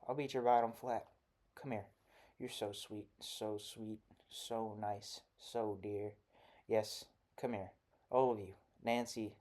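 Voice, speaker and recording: A man voicing a shrill, raging older woman who scolds children in loud, sharply enunciated bursts. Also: lightly acted.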